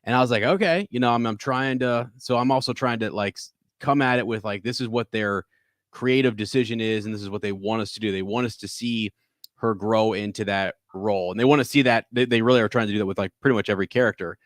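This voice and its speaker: A man's voice: fairly low pitch, fairly even intonation, fast talker, dry recording, clean studio sound. A man co-hosting a live call-in podcast, rambling with many restarts. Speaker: podcast co-host.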